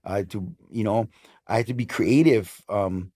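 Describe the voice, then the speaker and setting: With a lowish voice at normal speed and a Hawaiian English accent, a man in his fifties from Hawaii shares stories as a casual interview guest. He works as a DJ and club promoter, and his storytelling is animated, lively and emphatic.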